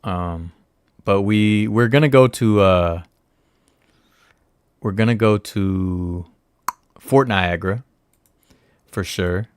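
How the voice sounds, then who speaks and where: Low, unhurried male host, self-mocking livestream chatter, dry close sound. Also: clear, resonant tone, dry recording. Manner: rambling, self-mocking, talks to viewers while searching. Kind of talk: casual livestream chat.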